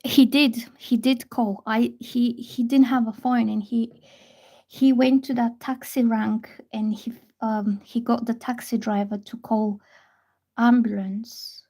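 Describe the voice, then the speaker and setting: Soft, slow-talking woman chatting live. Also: a little high, little pitch movement. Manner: soft, chatty storytelling with hesitant restarts. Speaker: tarot reader on a livestream. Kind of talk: casual livestream chat.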